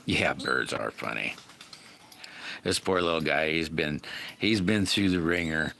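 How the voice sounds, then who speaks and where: A man with a low voice chats casually with his viewers, rambling in a folksy way and calling people by name. Loud background noise runs under the whole stream. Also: a little slow, vocal fry, pauses often. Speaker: livestream host.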